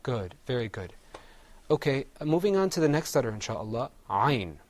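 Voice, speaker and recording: In a classroom pronunciation drill, a man teaches Arabic letter sounds, patiently saying each one and having the group repeat it while explaining mouth positions step by step. His voice is medium in pitch and sing-song, at a moderate pace.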